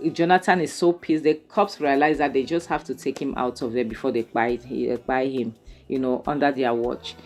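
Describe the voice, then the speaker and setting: A woman with a deep, low voice recaps a drama episode in loose, rambling commentary. She sounds exasperated and keeps filling her talk with "you know" and "um". Soft music plays faintly behind her. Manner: exasperated, talks fast with many fillers and "you know". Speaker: movie reviewer.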